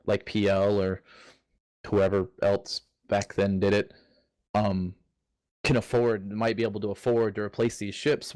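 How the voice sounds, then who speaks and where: A man with a somewhat low voice chats on a casual gaming podcast. He rambles, trips over his own sentences and laughs as he goes. The sound is dry and close, with no room around it. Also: darkish tone, no room sound.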